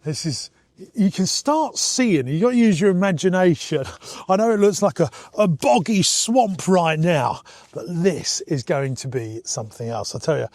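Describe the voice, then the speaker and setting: A man's voice: a little high, a little mellow, dry recording. A man, an entrepreneur chatting to viewers as he walks around his farm and warehouses, enthusiastic and casual. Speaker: entrepreneur vlogger. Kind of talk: walk-and-talk vlog.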